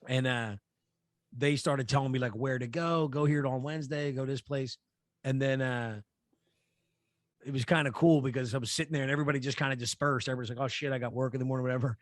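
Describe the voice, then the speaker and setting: A man's voice: medium pitch, steady tone, fairly quick, no echo, studio quality. Rambling, profane podcast storyteller, man. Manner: rambling, profane, many fillers and restarts. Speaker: podcast co-host. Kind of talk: casual storytelling chat.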